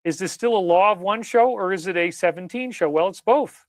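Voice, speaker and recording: Emphatic male commentator, high voice, dry close mic, leans hard on key words. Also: a little fast, no echo. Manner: emphatic, repeats key words, rhetorical questions. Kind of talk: animated live-stream commentary.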